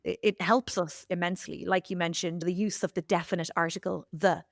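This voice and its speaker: A woman with an Irish accent, a language teacher speaking as a podcast guest in an articulate, explanatory way with lively emphasis. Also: on the low side, brisk, vocal fry, no room sound, clean studio sound. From Ireland. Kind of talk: podcast interview.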